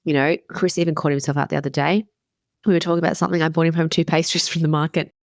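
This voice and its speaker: A woman's voice: low voice, level tone, very fast, no room sound, studio quality. A woman in her thirties hosting a casual motivational podcast as a wellness coach, candid and emphatic, swearing casually.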